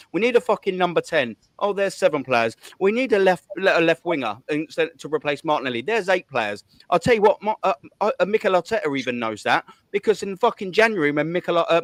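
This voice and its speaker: A man's voice: high voice, fairly bright tone, no room sound. A man hosting a fan channel, ranting about football with heavy swearing and hard emphasis. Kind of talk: heated football fan rant.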